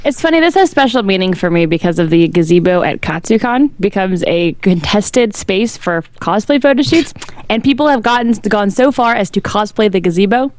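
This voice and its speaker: A woman's voice: mid-range voice, lively intonation, normal speed, a little mellow, dry recording. Eager chatty woman on a podcast. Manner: eager, chatty, laughs often. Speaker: podcast co-host. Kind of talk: casual group chat.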